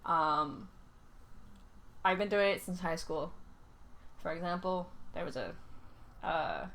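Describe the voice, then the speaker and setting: A young woman from Canada giving casual reaction commentary, often pausing and searching for her words. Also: on the low side, a bit bright. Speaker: reaction video host.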